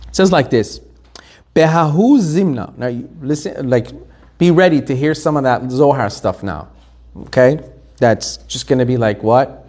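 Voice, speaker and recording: A man, a rabbi, teaching a Torah class, telling the story with lively, acted-out quotes. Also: mid-range voice, normal speed. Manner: animated storytelling, acting out quotes.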